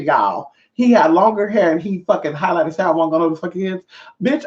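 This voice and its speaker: A young woman vlogger telling a profane, animated storytime monologue straight to her viewers. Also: fairly low pitch, a little fast. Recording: roomy, slightly dull audio.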